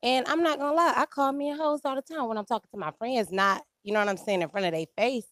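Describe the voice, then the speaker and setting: A woman's voice: a little high, fast talker, a bit bright, dry recording, studio quality. A woman from Detroit on a discussion panel, talking casually and emphatically, often checking in with "you know what I'm saying". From Detroit, USA.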